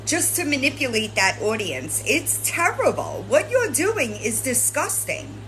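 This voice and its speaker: A woman's voice: sits high, huge pitch swings, unhurried, music in the background, rough recording. A woman host lecturing and scolding someone directly, swearing and tagging her points with "right?". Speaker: commentary channel host. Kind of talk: confrontational commentary addressing a streamer.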